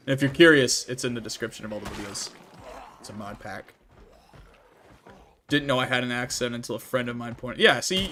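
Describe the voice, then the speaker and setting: A man's voice: medium pitch, a bit bright, a little hiss or hum. A young adult man hosting a casual livestream Q&A while gaming, talking in a rambling, chatty way with many restarts and fillers. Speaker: streamer and channel host.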